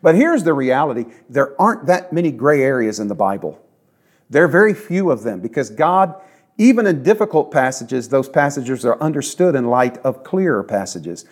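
A man's voice: mid-range voice, big pitch swings, normal speed. A man preaching a sermon in an earnest, conversational way, leaning on emphatic repetition. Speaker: pastor.

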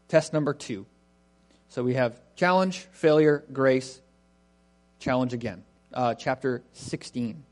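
A man preaching a sermon, reading scripture and asking the congregation questions in an earnest way. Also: fairly high pitch. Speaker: pastor.

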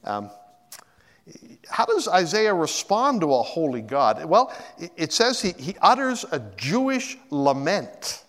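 A middle-aged man with a slightly high voice delivers a sermon as pastor of a church, keeping a measured pace. His words echo through the large hall of the sanctuary as he animatedly acts out quotes, switching his voice abruptly, and repeats himself to collect his thoughts.

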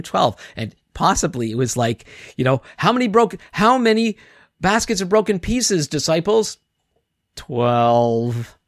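A man's voice: high voice, no echo, clean studio sound. A male pastor giving a conversational sermon, acting out quotes and often restarting words. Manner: conversational, animated, acts out quotes, repeats words.

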